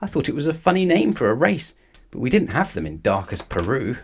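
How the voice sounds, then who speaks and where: A man doing a polite little storybook bear, eager and earnest, voice bouncing up and down as he talks. the reader keeps it close to his own middle pitch, just a touch lifted, so it stays gentle and friendly. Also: sing-song, brisk, husky. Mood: apologetic. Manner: polite, eager, well-meaning.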